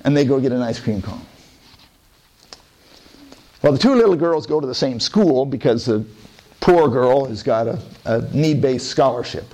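A man telling parable-like stories in a relaxed, conversational way, then reflecting on them. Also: medium pitch, normal speed, pauses often. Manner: relaxed, conversational storytelling with asides. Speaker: speaker. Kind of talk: storytelling talk.

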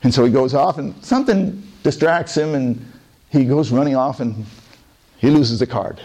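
A man telling parable-like stories in a relaxed, conversational way, then reflecting on them. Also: medium pitch, moderate pace, breathy edge. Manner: relaxed, conversational storytelling with asides. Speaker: speaker. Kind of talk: storytelling talk.

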